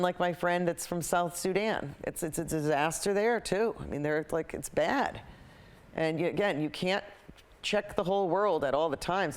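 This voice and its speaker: A painting show host talks casually as they work, drifting from personal opinions back to the painting. The delivery is loose and rambling, with many fillers, repeated phrases and sentences that start over midway. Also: medium pitch. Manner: repeats itself, often restarts sentences. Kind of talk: casual chat while painting.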